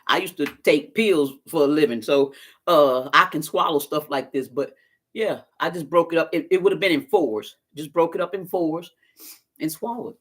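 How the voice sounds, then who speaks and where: Lady rambling on her live stream, folksy storytelling, talking right to the viewers. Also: deep voice. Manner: chatty storyteller, talks straight to viewers, folksy phrasing. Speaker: vlogger doing a live stream. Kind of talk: casual live-stream chat.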